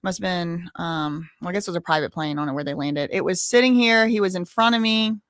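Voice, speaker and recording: A woman's voice: on the low side, fast, a bit bright, no echo, clean studio sound. A woman hosting a live show, talking casually as she paraphrases and comments on a translated clip. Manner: chatty, interrupting to paraphrase and comment. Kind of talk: live-stream commentary, reading translated subtitles aloud.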